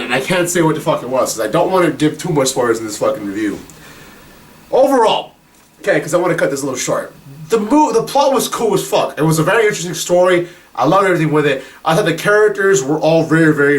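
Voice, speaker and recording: A man's voice: fairly high pitch, fairly bright tone. A young man giving a casual, profane film review, rambling with lots of fillers, a little distant from the mic. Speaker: movie reviewer.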